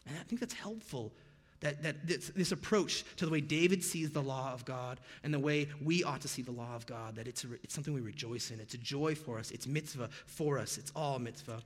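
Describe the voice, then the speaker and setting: A man's voice: mid-range voice, brisk, in a large hall. An American man preaching a sermon as pastor, conversational and sprinkled with jokey pop-culture asides. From United States.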